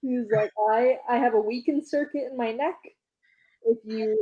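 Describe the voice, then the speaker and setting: A woman's voice: a little high, phone-quality sound. A woman co-hosting a podcast, casually retelling a comic story and acting out the characters' lines with laughter. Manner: retells scenes by quoting characters in quick voices, laughs often. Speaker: podcast co-host recapping a comic. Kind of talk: casual chat.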